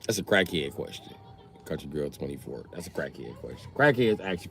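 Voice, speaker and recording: A man's voice: a bass voice, fairly quick, gravelly, husky. A man live streaming, telling stories in a casual, boastful way, full of swearing. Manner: profane, animated, boastful.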